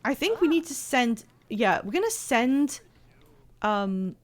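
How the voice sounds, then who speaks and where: A woman's voice: fairly high pitch, sing-song, slow. Chatty British woman streaming a game. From Britain. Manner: chatty, rambling, self-interrupting. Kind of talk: casual live-stream chat.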